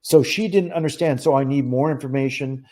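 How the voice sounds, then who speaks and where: A man who is a psychic medium, telling a story as a podcast guest, earnest and animated, acting out the dialogue and often restarting his phrases. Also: mid-range voice, a little fast. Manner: animated, acts out quoted dialogue. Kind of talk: conversational storytelling.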